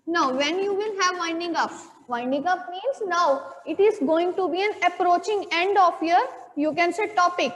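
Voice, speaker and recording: A woman's voice: extremely high pitch, moderate pace, in a large hall. A woman teacher with an Indian English accent giving a classroom lecture, explaining step by step, repeating key points and checking with "okay?".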